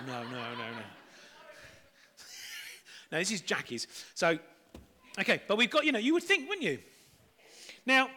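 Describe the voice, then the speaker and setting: A man's voice: high-pitched, bright, forceful tone. A middle-aged man giving a playful, chatty children's talk at church.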